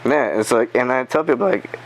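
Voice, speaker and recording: A man telling a story in a casual podcast chat, animated, swearing and acting out the quotes. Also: medium pitch, fairly quick, vocal fry, a little hiss or hum, poor audio. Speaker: podcast guest.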